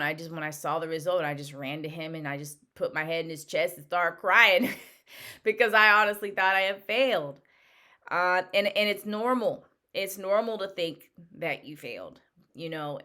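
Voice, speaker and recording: A woman in her thirties tells her own story straight to camera, open and emotional. Her voice sits somewhat low yet rings bright and clear. She often stumbles and restarts mid-sentence. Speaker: vlogger recounting her bar exam.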